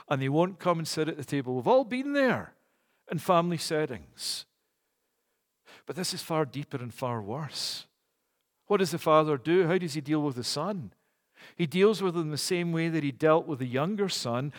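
A man's voice: fairly high pitch, in a large hall. A man preaching a sermon in an earnest, emphatic way, with rhetorical questions.

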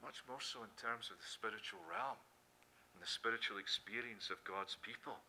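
A man's voice: medium pitch, very animated, normal speed, creaky, sharp tone, slight background noise. A middle-aged Scottish man preaching a sermon, emphatic, who asks questions and answers them himself. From Scotland.

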